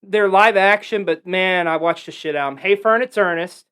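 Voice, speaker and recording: This male podcaster has a high-pitched voice and speaks at a normal speed. His casual talk is full of animated, profane stories that ramble and digress.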